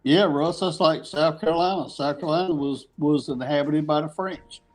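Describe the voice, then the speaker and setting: A man's voice: a little high, normal speed, over loud music, rough recording. A man joining a casual live-stream chat, mostly chiming in with short agreements.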